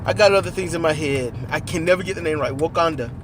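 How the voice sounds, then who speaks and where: A man in casual, animated conversation about a movie, riffing with profanity and acting out lines while riding in a car. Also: a little high, fast, noisy background. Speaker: co-host.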